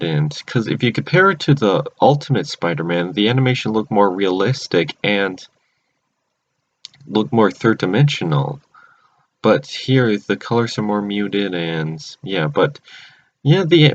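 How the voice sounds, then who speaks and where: Rambling man recapping a cartoon. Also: lowish voice. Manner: rambling, many restarts. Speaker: channel host. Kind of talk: casual episode recap. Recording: dull lo-fi recording.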